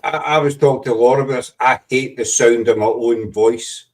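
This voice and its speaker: A man with a West of Scotland accent hosts a relaxed chat show, his voice sitting at an everyday pitch. He rambles and restarts his sentences, teasing his guests as he goes. He sounds a little distant from the microphone. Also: a little fast. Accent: Scottish, West of Scotland. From Glasgow, Scotland. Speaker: host. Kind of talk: casual live chat show.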